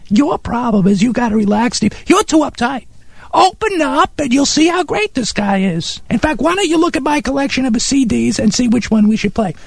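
A performer voicing Harry, an eccentric, excitable male music snob who talks in a pompous, condescending way in a comedy radio sketch. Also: high voice, brisk, vocal fry, breathy edge, dry recording, full character voice. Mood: patronizing. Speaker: regular sidekick character.

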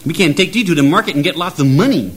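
A man's voice: a little high, lively intonation, quick pace, close to an everyday voice. A man voicing a big, clumsy, dim-witted boy in a comic folk tale, talking in broken grammar.

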